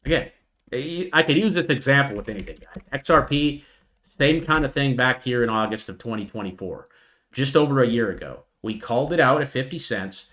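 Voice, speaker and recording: Animated man hosting a trading stream. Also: medium pitch, fairly quick. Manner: animated, mocking imitations of retail traders. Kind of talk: live stream market commentary.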